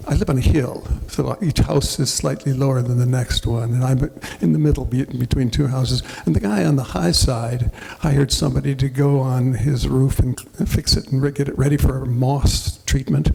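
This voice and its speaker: A man's voice: medium pitch, normal speed, creaky, few pauses, a little mellow, husky. A man from Wisconsin, an author telling stories to an audience, rambling and restarting his sentences as he goes. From Wisconsin, USA. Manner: rambling, self-interrupting storyteller. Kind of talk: casual talk to an audience. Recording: hall reverb with faint noise.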